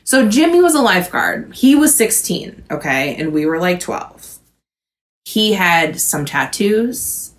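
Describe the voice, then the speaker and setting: Speaking at a measured pace in a lowish voice, this Houston, Texas podcast co-host in her twenties is very animated. Her casual chat rambles along, packed with "like" and frequent profanity.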